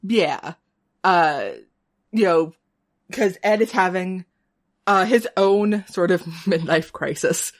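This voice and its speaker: A woman's voice: fairly low pitch, takes it slowly, pauses often. Woman bantering about a TV show. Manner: laughing often, relaxed banter. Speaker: podcast co-host. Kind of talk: casual chat recapping a TV show.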